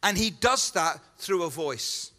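A man delivers an earnest sermon, pressing his point with repeated lines and rhetorical questions. His voice sits high and sounds bright and forceful. It rings with the long echo of a church hall. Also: lively intonation, unhurried. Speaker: pastor. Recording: echoey hall.

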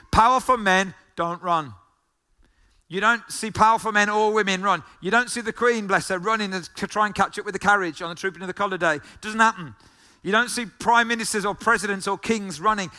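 A man delivers a sermon in a high, ringing voice. He keeps circling back to the same phrases and throws questions at the listeners. His tone stays bright and forward. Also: a little fast. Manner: emphatic, repeats key phrases, asks the listeners questions. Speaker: pastor.

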